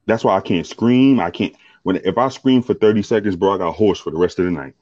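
Deep-voiced man, rowdy laughing banter, dry lo-fi recording. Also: brisk, darkish tone, no echo. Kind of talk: casual chat. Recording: dry, dull lo-fi sound.

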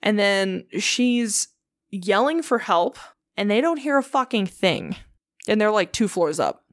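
Woman podcast host, casual storytelling, animated, dry close mic. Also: mid-range voice, a little slow, no echo. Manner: animated retelling, swearing, acts out quotes.

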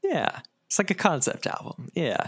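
A man co-hosting a podcast, retelling a story plot in casual chat. He is animated and laughs often. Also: on the high side, moderate pace, husky. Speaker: podcast co-host. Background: music.

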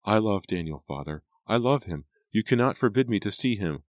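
A man's voice: sits low, moderate pace, dry recording, natural voice. A man voicing a defiant teenage girl who pleads and shrieks at her father. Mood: pleading.

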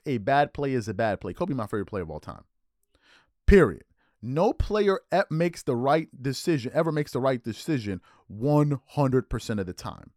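Male podcast host, lively swooping delivery, dry close sound, mocking riffs. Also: mid-range voice, normal speed, no echo. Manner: animated, mocking impressions of others. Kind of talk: casual sports commentary.

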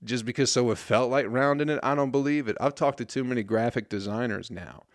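A man's voice: mid-range voice, brisk, dry recording, studio quality. A man in his thirties, a podcast host, ranting casually in a profane, rambling and sarcastic way. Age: 30s. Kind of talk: casual solo rant.

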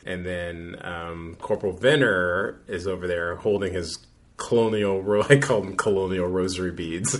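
With a deep, steady voice at a moderate pace, a podcast co-host goes over an episode in a loose, rambling way, full of fillers and false starts.

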